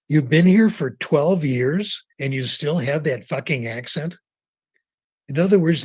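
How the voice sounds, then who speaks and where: A man giving a conversational lecture on language learning, telling anecdotes and slowing down for emphasis. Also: mid-range voice, breathy edge. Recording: dull muffled lecture recording.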